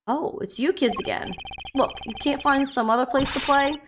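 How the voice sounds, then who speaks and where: A woman's voice: high voice, moderate pace, noisy background, natural voice. A woman reading game lines as an impatient, grumbling male police officer. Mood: grumpy.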